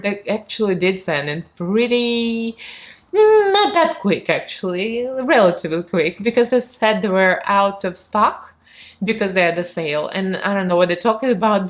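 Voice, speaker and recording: A woman's voice: medium pitch, lively intonation, moderate pace. A woman with a Russian accent, a beauty vlogger in her thirties, chatting candidly to camera, laughing often and acting out what people said to her. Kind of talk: casual chat to camera.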